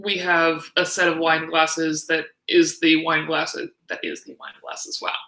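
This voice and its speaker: A woman's voice: sits low, sing-song, measured pace, pushed and bright. A woman co-hosting a casual live-stream chat, hesitant and trailing off with ums. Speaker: co-host of a tack-cleaning chat stream. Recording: echoey room.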